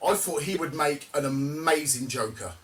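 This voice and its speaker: A man's voice: fairly high pitch, normal speed, a bit bright, far from the mic. A man hosting a podcast in casual chat, laid-back and swearing freely. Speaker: podcast host.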